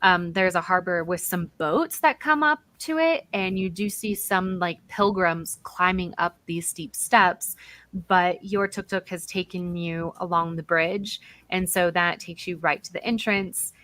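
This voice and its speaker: A woman's voice: lowish voice, measured pace, bright, forceful tone, no echo. A woman narrating as dungeon master in a casual, chatty way with plenty of fillers. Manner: chatty, lots of fillers and likes. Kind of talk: narrating a tabletop game.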